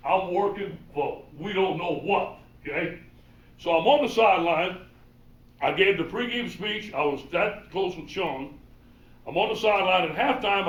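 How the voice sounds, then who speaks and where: A man with a Cajun accent, a football coach telling animated motivational stories and acting out the dialogue. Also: sits high. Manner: animated, acts out quoted dialogue. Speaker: football coach giving a presentation. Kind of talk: motivational storytelling talk. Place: presentation room. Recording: roomy hall, mic from far off.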